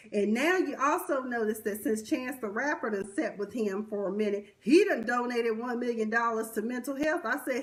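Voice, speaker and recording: A young woman with a slightly higher voice runs through an unscripted commentary recap. She talks with blunt, sassy exasperation, full of slang and asides. Her voice comes through a livestream webcam or phone mic. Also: normal speed. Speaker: commentary vlogger.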